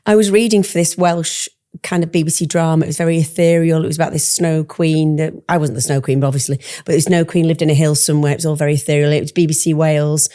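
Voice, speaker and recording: A middle-aged woman hosting a podcast, chatting casually, telling stories and laughing easily. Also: low voice. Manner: chatty, warm laughter, storytelling. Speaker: podcast host. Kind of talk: casual chat.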